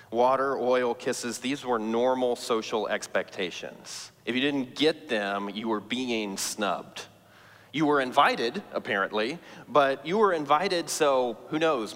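A man's voice: mid-range voice, fairly bright tone. Preaching man in a reverberant hall. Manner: emphatic storytelling with rising stress. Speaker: pastor. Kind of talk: sermon.

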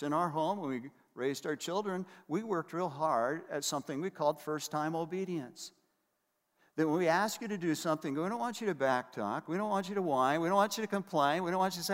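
Emphatic older pastor preaching in a hall. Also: male voice, high-pitched, animated, fairly quick. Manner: emphatic preaching, repeating key phrases. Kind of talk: sermon. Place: church hall. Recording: reverberant hall.

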